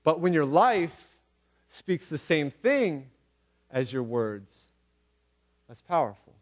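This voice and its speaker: A man's voice: on the high side, very animated, takes it slowly. A man preaching a casual, conversational sermon, earnest and repeating phrases for emphasis, with everyday slang. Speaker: pastor.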